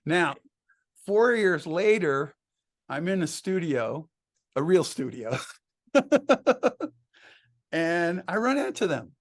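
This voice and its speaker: A man's voice: high-pitched, sing-song, very slow, long pauses. A man, a songwriter guest in an interview, telling anecdotes casually, laughing often and acting out the dialogue he quotes.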